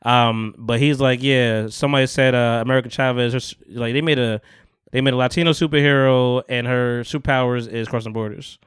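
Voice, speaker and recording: Smooth-voiced man in casual chat. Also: medium pitch, steady tone, brisk, no echo. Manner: loose, profane, laughing storyteller. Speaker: podcast host.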